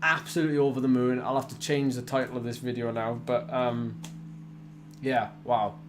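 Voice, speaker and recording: A man's voice: mid-range voice, level tone, moderate pace, background noise. A man in his twenties chatting casually with viewers on a cycling live stream, rambling with fillers and restarts, tired after a hard effort. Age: 20s. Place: home indoor training room.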